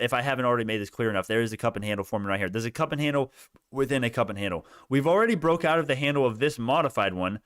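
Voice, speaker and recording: A young man giving animated live commentary on stock prices, laughing and repeating himself, his voice worn out. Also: mid-range voice, clear, resonant tone, no room sound, studio quality. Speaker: stock market streamer. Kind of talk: excited live market commentary.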